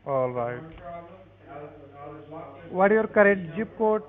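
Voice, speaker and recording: A man's voice: high voice, expressive, slow pace. A man cold-calling as a scam caller, speaking in a curt, pushy way with broken phrasing. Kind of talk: scripted phone scam. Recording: tinny phone line.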